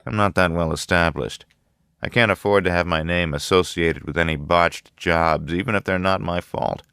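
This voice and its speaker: A man voicing a bitter, anxious young male architect in an audiobook, talking in a slow, grumbling way. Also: deep voice, a bit bright, clear, resonant tone, dry recording, studio quality. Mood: grave.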